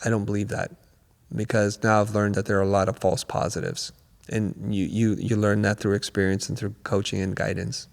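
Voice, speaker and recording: Middle-aged male guest, gravelly, animated storyteller, reverberant hall sound. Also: fairly low pitch, a little fast. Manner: animated storyteller, acts out quotes. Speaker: guest, creative business coach. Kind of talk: podcast interview storytelling.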